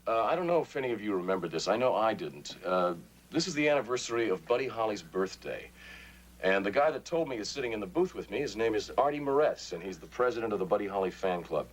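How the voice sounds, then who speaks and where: A man's voice: lowish voice, lively intonation, quick pace, poor audio. An actor playing a friendly, easygoing male radio disc jockey in his studio booth, chatting and coaxing a young fan. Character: genial male radio DJ, middle-aged, relaxed and kind. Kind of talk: 1950s radio drama film acting. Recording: film soundtrack with loud background noise.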